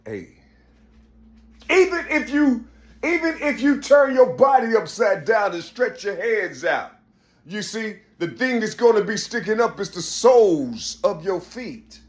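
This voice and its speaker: A high-pitched man holds forth in a loose, rambling monologue, circling back with "you see" again and again. He swears freely and pushes his voice up hard when he wants to stress a point. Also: animated, unhurried. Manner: repetitive, keeps saying "you see", profane; emphatic, raises voice at points. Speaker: vlogger.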